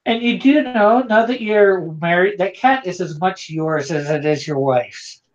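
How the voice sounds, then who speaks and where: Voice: mid-range voice, measured pace. A host from Canada, chatting casually on a live drawing stream and reading viewer comments aloud in an easygoing way. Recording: dull lo-fi sound.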